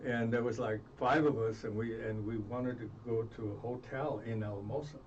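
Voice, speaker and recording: A man recalls his past in an earnest, halting way, circling back and restarting his sentences. He sounds far from the microphone, and the sound is dull and slightly noisy. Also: medium pitch, steady tone, darkish tone. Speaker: interview guest. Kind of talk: reflective storytelling. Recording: distant muffled mic with faint noise.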